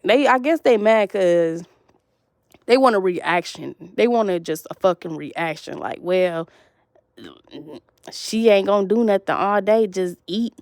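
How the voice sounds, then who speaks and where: A woman's voice: medium pitch, unhurried, darkish tone, no echo, studio quality. A woman telling a long, rambling, profane story in an agitated monologue to camera.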